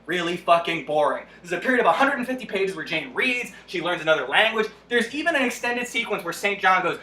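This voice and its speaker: Rapid-fire sarcastic young man. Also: high voice, lively intonation, sharp tone, echoey room, slight background noise, rough recording. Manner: sarcastic, exasperated, swears freely. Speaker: book-summary vlogger. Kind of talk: fast comedic book summary.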